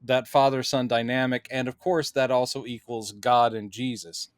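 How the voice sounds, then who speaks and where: A man co-hosting a podcast and breaking down a film scene, acting out movie lines in quick put-on voices. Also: medium pitch, fairly even intonation, no room sound, studio quality. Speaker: podcast co-host. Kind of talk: casual film discussion.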